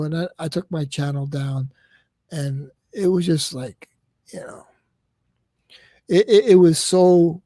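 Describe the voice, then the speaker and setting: A man's voice: fairly high pitch, mellow, no room sound, studio quality. A man talking heatedly about a personal hurt, swearing a lot and repeating himself. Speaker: streamer guest. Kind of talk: emotional casual talk on a livestream.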